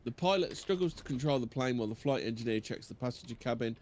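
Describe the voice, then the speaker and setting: Lively man, chatty co-host. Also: mid-range voice. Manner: animated, chatty, quick to interject. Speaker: podcast co-host. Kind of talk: casual chat.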